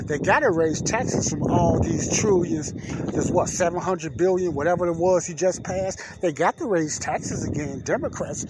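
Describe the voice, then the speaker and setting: A man, hosting a casual political talk podcast outdoors at night, folksy and preachy, often clearing his throat. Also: fairly high pitch, background noise. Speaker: podcast host. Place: outdoors in the dark.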